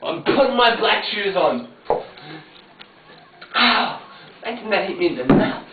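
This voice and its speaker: A man's voice: sits high, big pitch swings, unhurried. Drunk young man, rambling swearing stories, captured from across a room, echoey, tinny and noisy. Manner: rambling, laughing, swearing storyteller. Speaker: flatmate being filmed. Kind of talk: casual drunken chat. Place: indoor flat room. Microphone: hidden camcorder at a distance. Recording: far-off echoey lo-fi phone-like home video.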